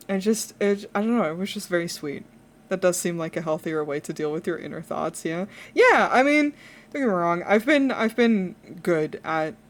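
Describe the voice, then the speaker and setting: A young woman with a lowish voice chats casually while drawing on a live stream. She rambles, using plenty of fillers and restarts, and laughs often.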